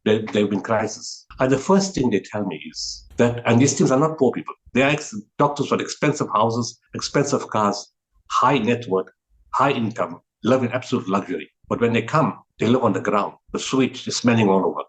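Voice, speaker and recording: A man's voice: medium pitch, normal speed, rough recording. A man as an interview guest, earnestly recounting a spiritual teaching with frequent restarts and repeated words. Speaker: guest, humanitarian relief founder.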